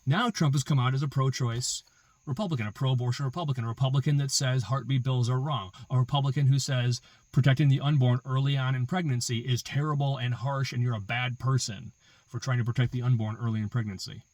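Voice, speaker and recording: A man's voice: medium pitch, steady tone, fast talker, a little mellow, no echo. A man hosting a political commentary show, arguing an opinion with emphatic repetition and rhetorical questions. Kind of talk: opinion monologue.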